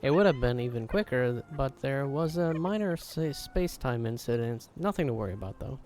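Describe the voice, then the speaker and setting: A man's voice: medium pitch, lively intonation, a little fast, a little mellow, lightly acted. A man reading game dialogue aloud, voicing an eccentric, cheerful inventor creature in a breezy, rambling way.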